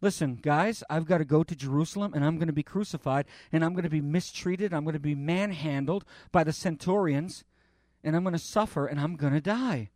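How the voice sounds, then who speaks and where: Man doing a calm sorrowful teacher, soft earnest delivery, dry close sound. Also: on the high side, no echo, lightly acted. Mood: solemn. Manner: quiet, measured, softly earnest.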